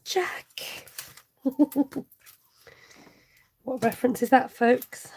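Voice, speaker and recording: A woman's voice: a little high, a little slow, vocal fry, darkish tone, slight background noise. A woman hosting a live craft tutorial, chatty and giggly as she reads out viewer comments. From United Kingdom. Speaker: crafting channel host.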